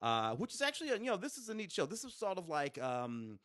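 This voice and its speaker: A man's voice: high voice, fast talker, dry recording, clean studio sound. A man co-hosting a podcast, chatting casually about movie and TV releases, with lots of fillers and restarts. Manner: animated, with many fillers and restarts. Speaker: podcast co-host. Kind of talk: casual chat reviewing home video releases.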